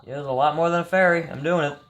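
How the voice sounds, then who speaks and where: Talking very fast in a steady, fairly bright, slightly high voice, this young streamer offers tired, rambling commentary on his game, cracking profane jokes as he plays.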